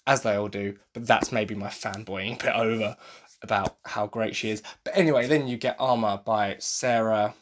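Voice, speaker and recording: A man's voice: fairly low pitch, a bit bright. Rambling, gushing English man. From England. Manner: enthusiastic, rambling fanboy gushing. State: tired. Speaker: podcast host. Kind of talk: casual solo podcast review.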